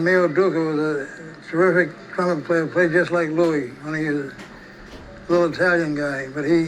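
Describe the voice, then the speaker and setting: Older man reminiscing, rambling and relaxed. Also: a little high, slight background noise, low-quality recording. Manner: relaxed, rambling, with frequent restarts. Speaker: storyteller recalling his past. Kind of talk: casual spoken reminiscence.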